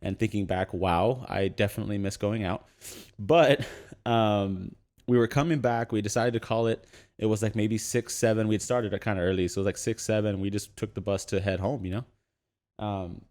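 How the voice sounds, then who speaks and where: A young adult man casually telling an animated anecdote on a podcast, laughing often and using lots of fillers. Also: fairly low pitch.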